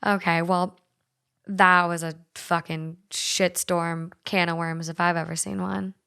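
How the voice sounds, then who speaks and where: A woman's voice: fairly low pitch, level tone, unhurried, gravelly, bright, forceful tone, clean tone. A young woman with a light Minnesotan accent hosting a podcast, chatting casually, swearing freely and reading listener stories aloud. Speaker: podcast host.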